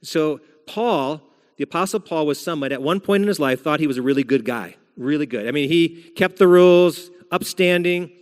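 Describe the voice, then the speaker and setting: A man's voice: fairly high pitch, normal speed. Male pastor preaching in a reverberant church. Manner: conversational preaching, retelling scripture as a story. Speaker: senior pastor. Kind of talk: sermon. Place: church sanctuary. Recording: long hall reverb.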